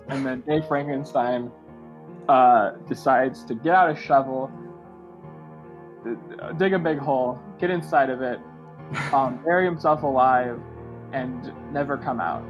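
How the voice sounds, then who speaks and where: A man's voice: mid-range voice, measured pace, muffled recording, soft background music. A man co-hosting a comedy podcast, telling an absurd story in a loose, rambling way with laughing asides. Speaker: podcast co-host.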